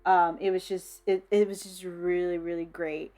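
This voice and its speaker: A woman giving a casual, enthusiastic book review, swearing freely and filling pauses with ums and restarts. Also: on the low side, little pitch movement, mellow. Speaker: book vlogger.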